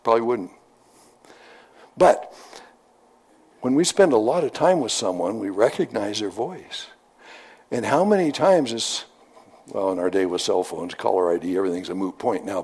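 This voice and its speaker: A man's voice: fairly low pitch, sing-song, normal speed, gravelly, a little mellow, slightly rough. A middle-aged man preaching a sermon in a folksy, conversational storytelling manner, often repeating his phrases.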